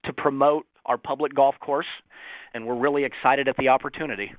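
A man's voice: mid-range voice, steady tone, brisk, no echo. A man who manages a golf club, talking eagerly and chattily as a phone interview guest, often saying "you know". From Ohio. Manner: eager, chatty, with filler phrases. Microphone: telephone. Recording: tinny phone line.

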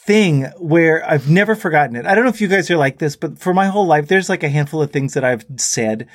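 Telling anecdotes on a talk show, this musician guest brings the people in them to life by quoting them animatedly, in a casual storytelling interview. His fairly high-pitched voice runs a little fast. The recording is dry and studio quality.

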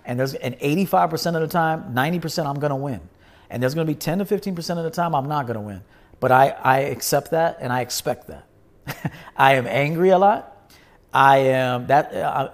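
Blunt, swearing male podcast host. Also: on the high side. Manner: blunt, swearing, repetitive emphatic talk. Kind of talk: casual livestream monologue.

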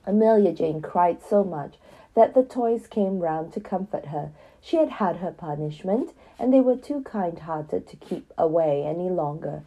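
Husky woman reading a children's story. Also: fairly low pitch, a little slow, warm tone, poor audio.

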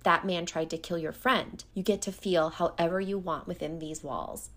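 A woman's voice: lowish voice, fairly even intonation, moderate pace, a bit bright, pitched below the performer's own voice. A woman reading out the lines of a blunt, protective young male warrior from a book. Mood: stern. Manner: blunt, swearing.

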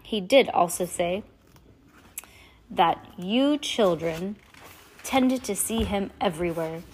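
A woman's voice: mid-range voice, lively intonation, slow pace, breathy edge. A woman reading as a fussy, prim aunt. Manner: prim, fussy about grammar. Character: fussy, anxious lakeside guardian aunt, woman.

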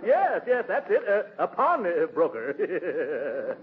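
A man's voice: high voice, huge pitch swings, takes it slowly, over a noisy crowd, full character voice. An actor playing a pompous, blustering middle-aged uncle in a 1940s radio sitcom, hemming with "uh" and chuckling as he talks. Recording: muffled old radio broadcast with faint hiss.

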